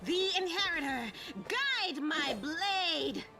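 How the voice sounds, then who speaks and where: An actress voicing a defiant female fantasy warrior shouting battle taunts in a video game. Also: very high-pitched, animated, slow pace, music in the background, exaggerated voice.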